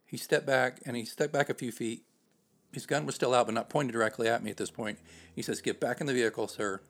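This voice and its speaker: A man's voice: medium pitch, a little fast, a bit bright. A man hosting a podcast, telling a personal story in a conversational, self-deprecating way with frequent fillers. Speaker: podcast host.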